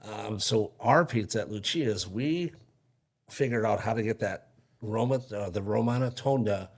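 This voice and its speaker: Low gravelly guy, chef guest chatting about food, kinda husky. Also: normal speed. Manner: explains dishes with enthusiasm. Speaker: chef and restaurant owner, guest. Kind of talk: casual conversation.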